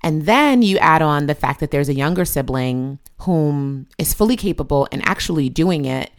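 Mother in her thirties, low-pitched, candid and emotional personal storyteller. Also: animated, moderate pace. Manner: emotional, confessional, acts out her own past yelling in a shrill voice.

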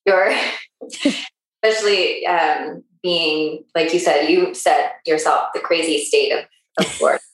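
A woman from Canada asking a yoga teacher a long question over a video call. She speaks hesitantly, with many pauses and fillers. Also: low voice, fairly even intonation, very echoey, low-quality recording.

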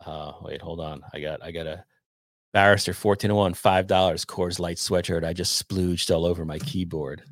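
A man's voice: sits low, fairly even intonation, moderate pace, no room sound. A man hosting a casual livestream, rambling loosely, swearing and reading viewer donations aloud. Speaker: podcast host reading chat.

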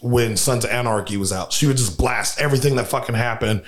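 A man chatting on a podcast, casual and crude. He swears often and mimics other people in a high, mocking voice. His pitch sits in the middle range. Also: quick pace. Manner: swears freely, acts out quotes in a high voice. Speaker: podcast co-host. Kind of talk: casual profane chat.

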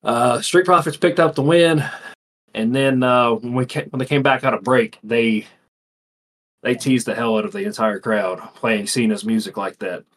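A man's voice: mid-range voice, fairly even intonation, normal speed, fairly bright tone. A man co-hosting a casual podcast chat, telling stories in a rambling, profane way with lots of fillers. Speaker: podcast co-host.

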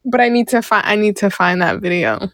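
A woman co-hosting a casual chat show, animated, swearing and laughing often. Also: medium pitch, brisk, no room sound, clean studio sound. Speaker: podcast co-host.

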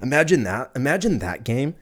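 A man hosting a casual solo podcast, talking in a loose, rambling way. He swears freely, laughs at his own jokes and drifts from one thought to the next. His voice sits at an ordinary middle pitch. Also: sing-song, brisk, a bit bright. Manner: rambling, profane, laughs often. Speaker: podcast host. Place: lives in Texas.

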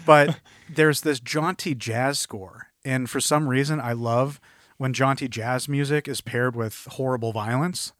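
A man co-hosting a podcast, chatting casually and excitedly about a film, sometimes bursting into movie lines. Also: mid-range voice, no echo, studio quality. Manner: enthusiastic, acts out movie lines in quick bursts. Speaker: podcast co-host. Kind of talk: casual film review chat.

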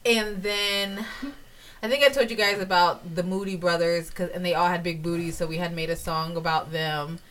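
Woman co-host, bright and animated, laughs through her stories. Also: on the low side, moderate pace, distant mic. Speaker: podcast co-host. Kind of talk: casual chat.

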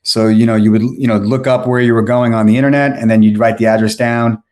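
A man's voice: mid-range voice, steady tone, fast, a little mellow. A man from New York telling a story as a podcast guest, rambling with lots of fillers and restarts. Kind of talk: casual storytelling.

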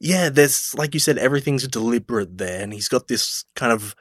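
A man's voice: mid-range voice, animated, brisk, husky, no echo. Rambling man on a podcast, dry. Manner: rambling, hesitant, many fillers. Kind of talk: casual film discussion.

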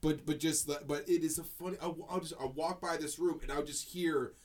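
A man with a fairly high voice co-hosts a podcast in loose, casual chat. He jokes, laughs often and swears freely. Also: fairly even intonation, fairly quick. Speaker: podcast co-host.

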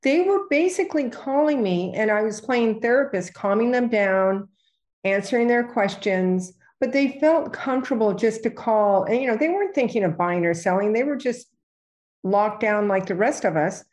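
A middle-aged woman with a fairly high voice tells stories in a casual podcast chat. She is animated and acts out the voices of the people she quotes. She talks like a real estate agent sharing what she has learned. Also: normal speed.

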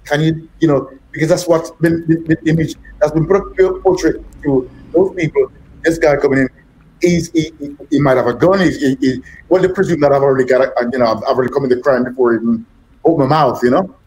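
Older British-accented man, fairly high voice, rambling storyteller who repeats himself. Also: a little fast, darkish tone, slight background noise. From Jamaica. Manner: rambling, repeats words, acts out dialogue. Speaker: guest musician. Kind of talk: storytelling in a podcast interview.

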